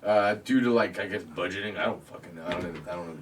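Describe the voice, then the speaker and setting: A man's voice: sits low, racing, recorded from a distance, a little hiss or hum. Profane laughing man telling a story. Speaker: podcast host. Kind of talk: casual storytelling chat.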